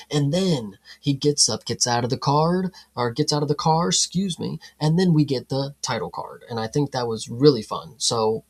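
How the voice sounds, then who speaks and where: Gravelly laid-back man chatting. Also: mid-range voice. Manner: laid-back, rambling with many "you know"s. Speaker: podcast co-host. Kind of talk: casual chat reviewing a film.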